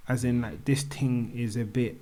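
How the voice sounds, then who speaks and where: A man's voice: mid-range voice, steady tone, normal speed, dark tone. Candid man telling a story. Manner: candid, slangy, acts out dialogue in quoted speech. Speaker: podcast guest. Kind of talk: casual storytelling conversation.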